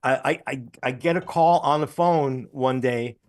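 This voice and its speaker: A man as a guest telling relaxed anecdotes over a video call, often restarting his sentences. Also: medium pitch, unhurried. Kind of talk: casual interview storytelling.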